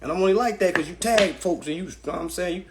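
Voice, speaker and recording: A man's voice: high-pitched, racing, noisy background. A man hosting a live stream, answering viewers' questions from chat in a blunt, profane, ranting way while promoting his class. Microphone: phone.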